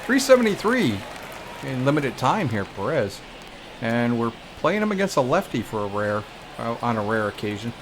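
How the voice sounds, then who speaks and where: A gamer with a New York accent talks casually and wryly through a baseball video game, reacting to each moment as it happens. He speaks at a medium pitch and moderate pace with big swings in pitch, against a noisy background of game music.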